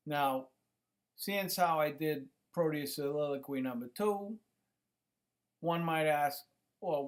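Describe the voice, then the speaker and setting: Rambling middle-aged man, slightly high. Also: darkish tone. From United States. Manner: rambling, many fillers and restarts. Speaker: YouTube channel host. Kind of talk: casual monologue to camera. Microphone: computer microphone.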